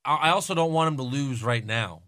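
A man's voice: mid-range voice, animated, a little fast, bright, forceful tone, no room sound, clean studio sound. A man co-hosting a podcast, talking casually and rambling, hedging with "like" and "you know". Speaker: podcast co-host. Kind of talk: casual wrestling chat.

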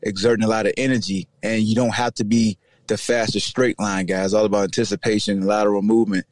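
Talking fast in a fairly low voice, a middle-aged Virginia man who used to play hosts a relaxed sports podcast. He uses slang freely, jokes, and voices other people in an animated way. The recording is dry.

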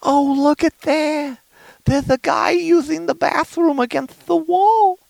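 A man putting on a fussy mother's falsetto voice, high and drawn out. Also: slow pace, gravelly, darkish tone, no echo, full character voice. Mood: scandalized.

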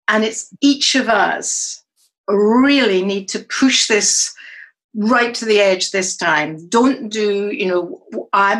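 A woman's voice: mid-range voice, rough recording. A middle-aged woman, a psychologist and coach, speaking as a podcast guest and acting out the dialogue she quotes as she tells stories. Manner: animated storyteller who acts out quoted dialogue.

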